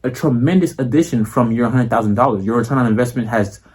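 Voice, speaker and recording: Guy putting on a slick formal business pitch voice, salesy and polite, mid pitch. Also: fast talker, a little mellow, slightly rough, close to an everyday voice. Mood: persuasive. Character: smooth-talking male business pitchman, formal and persuasive.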